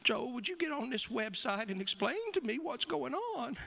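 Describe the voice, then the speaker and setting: A woman's voice: high voice, very animated, normal speed, vocal fry, fairly bright tone, pitched above the performer's own voice, full character voice. A man voicing his elderly mother, a folksy mountain woman with an Appalachian twang. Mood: plainspoken.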